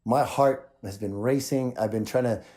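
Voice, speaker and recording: A man from Maui hosting his own show, talking in an excited, rambling way with lots of repeats. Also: mid-range voice, normal speed. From Maui, Hawaii. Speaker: show host. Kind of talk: casual video chat.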